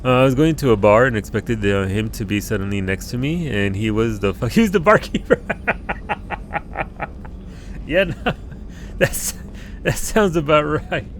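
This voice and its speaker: A man's voice: medium pitch, expressive, a little hiss or hum. Rambling, laughing male game streamer. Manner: rambling, swearing, quick to laugh. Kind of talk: casual live-stream chat. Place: at home.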